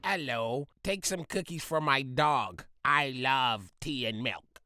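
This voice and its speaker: A man putting on a deliberately bad, exaggerated British accent to play a silly stereotyped Englishman. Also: mid-range voice, expressive, bright, forceful tone, no room sound, voice pushed up. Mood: mocking. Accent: exaggerated fake British. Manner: goofy, deliberately bad impression.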